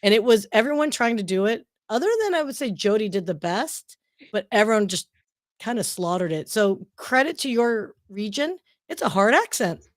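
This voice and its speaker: Brief: female co-host, middle pitch, dry close call mic, talkative and explanatory. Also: animated, moderate pace, no room sound. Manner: chatty and explanatory, frank asides. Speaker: livestream co-host. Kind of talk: casual livestream chat.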